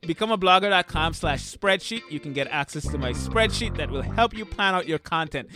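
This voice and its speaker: A man hosting his own podcast, talking casually and heartfelt, slowing down and growing emotional as he thanks listeners, then hyping himself back up. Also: on the high side, animated, music in the background. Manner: heartfelt, slows down softly when grateful, then hypes himself up. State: getting emotional. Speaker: podcast host. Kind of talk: casual solo podcast talk.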